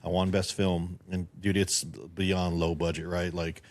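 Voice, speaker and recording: A middle-aged man, a podcast guest and filmmaker, chatting casually and telling a story in an animated, profanity-laced way. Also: low voice, measured pace, a little hiss or hum.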